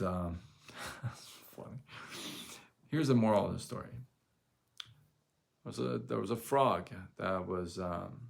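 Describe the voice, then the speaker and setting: A man hosting a live stream, telling a story casually in a rambling, animated way, full of fillers and restarts. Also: fairly low pitch, vocal fry.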